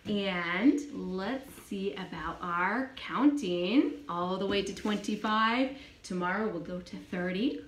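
Slow, patient woman teaching children. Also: mid-range voice. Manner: slow, patient, repeats each phrase for a child to copy. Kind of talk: children's English lesson. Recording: echoey room.

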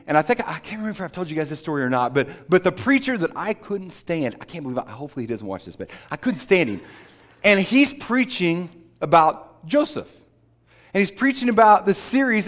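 A man preaching a sermon, telling a personal story in a conversational way that builds to emphatic preaching. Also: high voice. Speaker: pastor.

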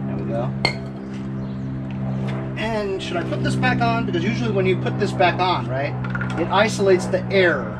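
A man hosting a small engine repair channel, chatting casually with rambling asides and lots of fillers while he works. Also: a little high. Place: home garage and car.

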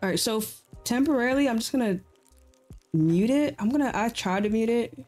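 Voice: medium pitch, animated, a little fast, a little mellow, soft background music. A streamer in casual live-stream chat while playing a game, laid-back and chatty, often repeating slang phrases.

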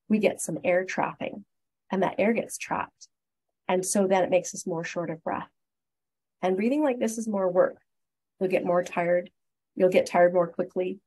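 A Canadian woman gives a webinar on breathing and stress, sounding upbeat and encouraging as she goes through each step. Her voice is a little breathy, and it comes through a computer mic on a video call. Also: lowish voice, darkish tone, rough recording. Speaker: guest speaker, respiratory therapist. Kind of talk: webinar presentation.

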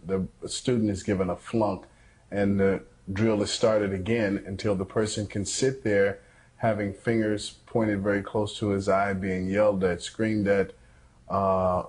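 A man coaching a training drill, with a lowish voice and a slow, deliberate pace. He explains the routine plainly and then tries to rattle his student with taunts. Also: a little mellow. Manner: taunting and goading.

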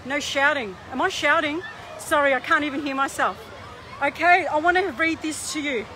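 This woman's voice is high-pitched, bright, and forceful, at normal speed, as she rants in exasperated indignation on a handheld phone livestream. She's at a busy waterfront and pool area, with faint crowd chatter and outdoor noise behind her.

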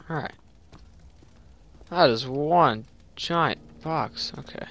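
A man's voice: mid-range voice, takes it slowly, vocal fry. Jumpy young man playing a horror game. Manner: chatty, jumpy, loud panicked yelling at scares. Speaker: gameplay commentator. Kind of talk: horror game let's play commentary.

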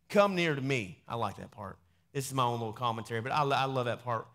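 A pastor reading scripture aloud in a sermon, breaking off into quieter conversational asides. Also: male voice, medium pitch, lively intonation, fast. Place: church sanctuary.

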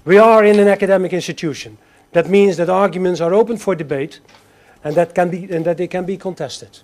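Man, rector type, courteous and measured, slightly higher voice. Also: darkish tone. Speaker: rector hosting a lecture. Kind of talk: formal academic remarks. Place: lecture hall.

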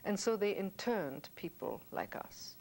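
A woman's voice: medium pitch, very animated, measured pace, vocal fry, a little mellow, slight background noise, low-quality recording. Older woman telling wry anecdotes. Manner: wry, anecdotal, laughs at her own tales. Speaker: singer telling stories between songs. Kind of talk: reminiscing storytelling.

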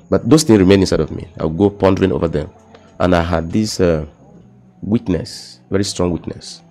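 In a relaxed, conversational setting, a young man with a Nigerian accent, appearing as a guest, tells his personal testimony. His voice is very low, deep and creaky. He talks haltingly, repeats words, and often sinks into a soft, emotional hush.

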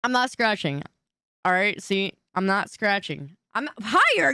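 A woman's voice: mid-range voice, sing-song, unhurried, bright, forceful tone, clear, resonant tone, dry recording, clean studio sound. A woman streamer in casual live-stream chat, whiny and indignant as she bickers with her chat.

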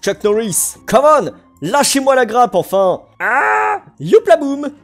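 Animated game commentator. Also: sits high, unhurried. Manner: playful, exclamatory, makes silly sound effects. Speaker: gaming channel host. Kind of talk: Minecraft let's-play commentary.

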